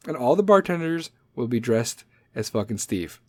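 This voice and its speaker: A man's voice: mid-range voice, sing-song, normal speed, hardly any pauses, no echo, clean studio sound. A man in his forties hosting a solo comedic podcast, swearing constantly as he rambles in a sarcastic rant. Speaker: podcast host.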